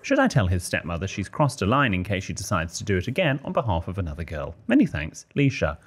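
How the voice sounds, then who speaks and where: A British man co-hosts a casual podcast and reads listener letters with lively ups and downs in his voice. His voice sits on the low side and has a husky edge. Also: fast. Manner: animated, laughs while reading. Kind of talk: casual chat, reading letters aloud.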